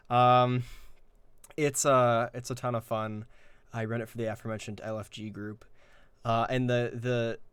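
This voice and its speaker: An Irish man serving as a guest game master chats casually in an interview, rambling and self-deprecating with lots of fillers and restarts. His mid-range voice is clear and resonant, with no echo.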